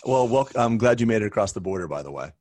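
A man's voice: fairly low pitch, expressive, fast talker, a little mellow. A man hosting a dental podcast, upbeat and teasing, often laughing. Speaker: podcast host, dentist. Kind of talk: casual podcast chat.

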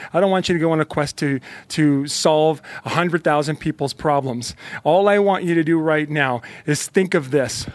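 A man speaks in an emphatic motivational monologue, repeating lines and pushing the listener to act. His voice sits a bit high. The sound is close and dry. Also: dry recording. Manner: emphatic, repetitive, fired-up; talks directly to the listener.

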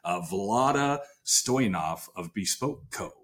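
A man hosting a podcast in a relaxed, teasing way. His voice sits a little low. The talk is loose and casual. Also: slow pace. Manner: easygoing, teasing. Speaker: host.

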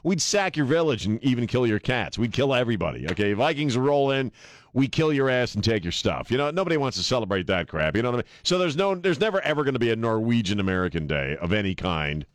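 A man's voice: mid-range voice, very animated, fast talker, no echo, studio quality. A man hosting a talk radio show, blunt and joking, mixing banter with callers and the news. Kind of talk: talk radio monologue and call-in.

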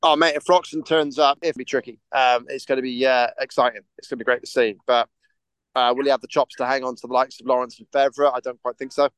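A man co-hosts a casual chat show, talking at a middle pitch in a smooth, clear voice. He rambles, stops and restarts his sentences, and laughs easily. The sound is dry, with no room around it. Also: steady tone, fast, a bit bright, no room sound. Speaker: podcast co-host.

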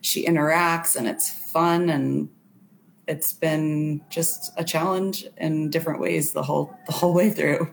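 Low-voiced young woman, casual guest chat. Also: steady tone, unhurried, gravelly, slight background noise. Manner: earnest, many filler "like"s. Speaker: podcast guest.

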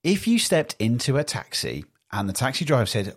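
A man talks through his podcast on his own. His voice has a slightly husky grain and swings widely in pitch as he chats. He sounds animated and conversational, and he often acts out little everyday exchanges. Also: normal speed. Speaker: podcast host. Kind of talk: casual solo podcast talk.

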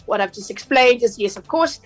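A South African woman with a somewhat high voice talks through consumer advice on a radio show. She is chatty and explanatory, full of fillers and quick restarts. Faint music plays underneath. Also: expressive, poor audio. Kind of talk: radio talk segment.

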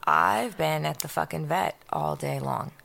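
Woman co-host, low-pitched with lots of vocal fry, animated storyteller who swears freely. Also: a little slow. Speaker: podcast co-host. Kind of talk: casual chat.

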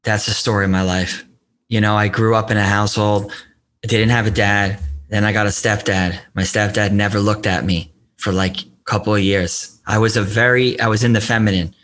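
A man's voice: lowish voice, flat delivery, fairly quick, a bit bright. A man who coaches men, talking as a podcast guest and telling personal stories in an earnest, open way. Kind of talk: casual conversation.

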